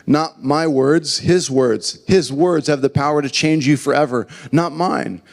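Earnest pastor, man with higher voice. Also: measured pace, gravelly, big-room sound. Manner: earnest, conversational preaching with told jokes. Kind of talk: sermon. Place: church building.

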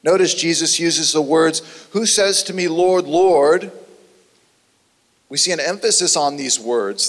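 A man preaching a sermon in an earnest, conversational way that sometimes turns animated. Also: fairly high pitch, a little slow. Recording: long hall reverb.

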